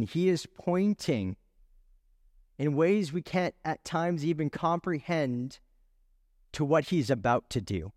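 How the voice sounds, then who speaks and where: A man's voice: fairly high pitch, darkish tone, clean studio sound. Earnest male pastor in a big hall. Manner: earnest, rhetorical questions, builds emphasis. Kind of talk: sermon. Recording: long reverb in a large hall.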